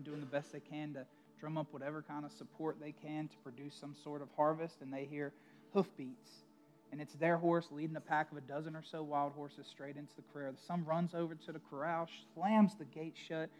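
A male pastor preaching a sermon in a conversational storytelling way, with emphatic asides to the congregation. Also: fairly high pitch.

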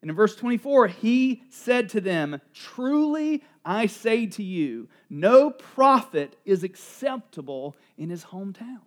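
A middle-aged man preaching a sermon as pastor, animated and joking as he acts out the voices of townspeople. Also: sits high, slow pace, hardly any pauses.

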